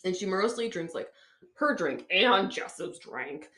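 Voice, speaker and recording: A woman's voice: mid-range voice, big pitch swings, unhurried, fairly bright tone. A woman co-hosting a podcast, recapping a film in casual chat, sarcastic and swearing freely. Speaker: podcast co-host.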